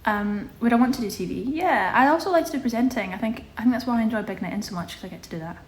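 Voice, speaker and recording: A young woman on a live stream reads out viewer questions and answers them in a slightly high, animated voice, talking rapid-fire. The room is echoey, with faint ambient sound.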